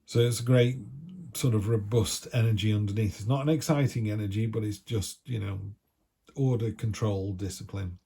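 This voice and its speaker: Gravelly low-voiced man reading tarot. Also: normal speed, dark tone. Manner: chatty, jokey, acts out little voices. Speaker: tarot reader.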